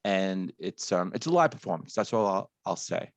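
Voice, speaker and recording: A man in his fifties co-hosts a music reaction chat with a lively, swinging voice. He teases his partner and laughs easily. The sound is close and dry. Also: low voice, moderate pace, no room sound. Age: 50s. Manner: lively, teasing, laughs often. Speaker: co-host of a music reaction show. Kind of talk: casual chat.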